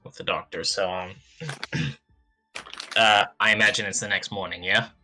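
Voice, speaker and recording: A man playing a tabletop game, hesitant and full of pauses. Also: on the low side, fairly even intonation, bright, forceful tone, faint music behind. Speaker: player. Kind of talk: casual tabletop play.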